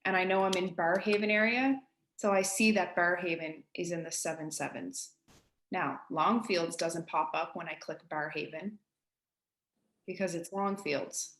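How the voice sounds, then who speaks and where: A woman with an East Coast Canadian accent, a real estate agent giving colleagues a casual, direct software tutorial. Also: lowish voice, steady tone, measured pace, roomy sound. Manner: chatty, direct, addresses listeners as guys.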